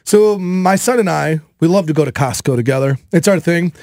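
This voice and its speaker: Loud, high-voiced storytelling man. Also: brisk, no room sound, studio quality. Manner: animated storytelling, loud and excitable. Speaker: radio show host. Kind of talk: casual chat.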